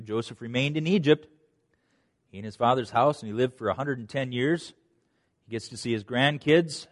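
A man preaching a sermon as pastor, earnest and emphatic, swinging between loud urgent stresses and hushed, quiet phrases. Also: medium pitch, in a large hall.

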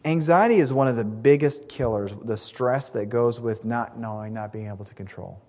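With a medium-pitched, darkish voice at normal speed, a man delivers a sermon as a pastor. He is earnest and emphatic, stressing key words and occasionally restarting a phrase, and a long hall reverb colors the sound.

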